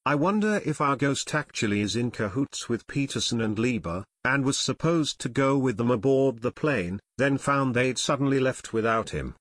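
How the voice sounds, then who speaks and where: A man's voice: medium pitch, lively intonation, normal speed, hardly any pauses, no room sound, close to an everyday voice. Eager teen boy detective, read by a man, dry close mic.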